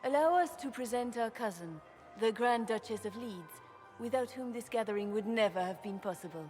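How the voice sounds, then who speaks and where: An actress playing a gracious empress who speaks in a measured, courtly way. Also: female voice, fairly high pitch, expressive, darkish tone, faint music behind, natural voice. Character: gracious, poised female empress.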